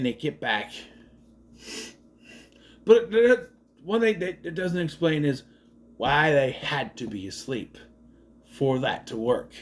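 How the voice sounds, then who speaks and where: A man giving a casual, rambling movie review, sarcastic and swearing often. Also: fairly high pitch.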